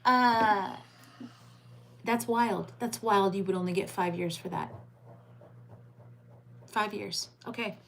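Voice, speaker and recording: A woman's voice: medium pitch, steady tone, slow pace, creaky, long pauses, fairly bright tone, a little hiss or hum. A woman hosting a late-night livestream, chatting with viewers by name and reading crime headlines aloud. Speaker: livestream host.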